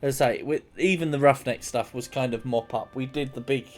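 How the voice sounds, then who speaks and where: A man's voice: medium pitch, fairly quick, faint music behind. A man giving casual, rambling gameplay commentary as a streamer. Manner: rambling, chatty, self-mocking.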